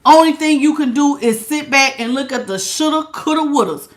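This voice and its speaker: A woman's voice: high-pitched, normal speed. A woman giving a casual tarot reading, talking in a sassy, emphatic way with lots of slang. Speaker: tarot reader.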